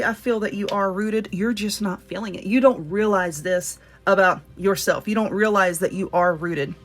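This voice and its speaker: A woman with a Southern US accent giving a casual spoken card reading, talking earnestly and directly to the viewer. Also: mid-range voice. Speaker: tarot reader.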